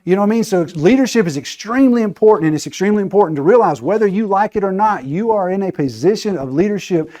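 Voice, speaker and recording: A man's voice: sits high, lively intonation, quick pace, few pauses, mellow. A man giving a casual training talk, chatty and conversational, often checking in with "right?". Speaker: training presenter.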